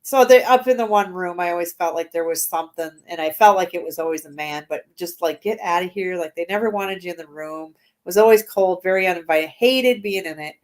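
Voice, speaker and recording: A woman in her forties with a lowish voice talks a little fast as a guest on an interview show. She's chatty and casual, laughing often and using lots of fillers.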